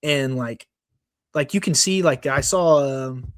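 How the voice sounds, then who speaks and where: A man's voice: mid-range voice, slow pace, clean tone. A man co-hosting a sports podcast, ranting in a casual, worked-up way with lots of fillers and restarts. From Texas. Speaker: podcast co-host.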